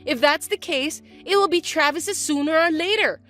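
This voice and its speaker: A woman doing a shrill greedy sister-in-law. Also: normal speed, fairly bright tone, faint music behind. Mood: scornful. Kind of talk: texting-story dialogue reading.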